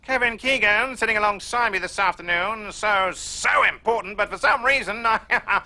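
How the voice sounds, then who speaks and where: A man's voice: high-pitched, normal speed, sharp tone, pitched above the performer's own voice, exaggerated voice. A man impersonating a growling football commentator. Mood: excitable. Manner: sudden growling outbursts. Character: excitable male football commentator who growls randomly. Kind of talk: comic impression.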